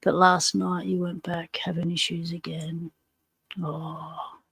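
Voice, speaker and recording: Australian woman, livestream host, slow unhurried delivery, dry close sound, greets viewers casually. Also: lowish voice, flat delivery, gravelly, fairly bright tone, breathy edge, dry recording. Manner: greets chat viewers one by one, friendly slang.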